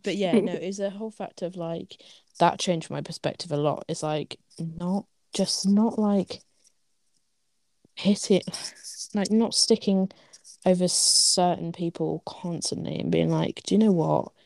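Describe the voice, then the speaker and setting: Rambling young woman, lowish voice. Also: steady tone, unhurried, vocal fry, a little mellow, no echo. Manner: rambling, restarting, full of "like" fillers and laughs. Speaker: podcast co-host. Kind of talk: casual chat.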